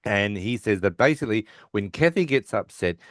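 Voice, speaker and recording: Low-voiced man recapping a sitcom. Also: expressive, normal speed, no echo, clean studio sound. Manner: retells scenes acting out quotes, frequent fillers. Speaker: podcast co-host. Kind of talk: casual recap chat.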